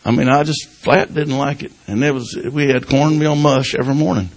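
A man preaching an informal sermon, folksy and personal, punctuating his stories with hallelujahs and dropping to a hushed voice at times. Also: mid-range voice, fairly even intonation, moderate pace, low-quality recording. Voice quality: gravelly, husky. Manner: folksy, breaks in with hallelujahs, swings from loud to hushed.

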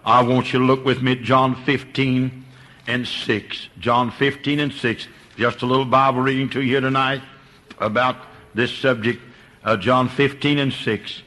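This is an older man preaching a sermon in a bright, forceful voice. He drops to a near hush, then climbs to high, impassioned cries. He repeats himself and stumbles over restarts as he goes. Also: little pitch movement, moderate pace. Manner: repeats words and stammers on restarts.

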